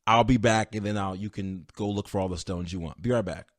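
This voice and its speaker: A man hosting a podcast, telling a movie plot in an excited, animated way and acting out the characters' lines. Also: lowish voice, brisk. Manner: excited, animated storytelling with voiced quotes. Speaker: podcast host. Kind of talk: casual solo movie review.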